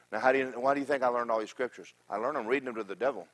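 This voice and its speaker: A pastor preaching a sermon, telling stories with humorous asides and swinging from loud exhortation to quiet remarks. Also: male voice, mid-range voice, racing. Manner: animated storytelling with humorous asides.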